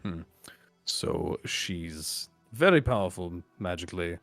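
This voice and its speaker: Man, tabletop player, rambling casual chat, very deep voice, dry sound. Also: animated, takes it slowly, fairly bright tone, no echo, faint music behind. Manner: loose and rambling, many fillers.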